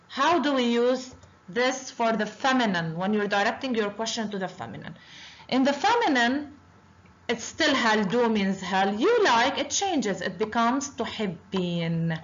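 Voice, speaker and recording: Woman teacher going over basics slowly, lots of uhs, bit dull lo-fi sound. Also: on the high side, fairly bright tone. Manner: slow and deliberate, with many drawn-out uhs. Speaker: Arabic teacher. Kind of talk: online language lesson.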